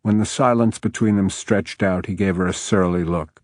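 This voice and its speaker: A man reading an audiobook in steady, even scripted narration on a close studio mic. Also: sits low, moderate pace, no room sound.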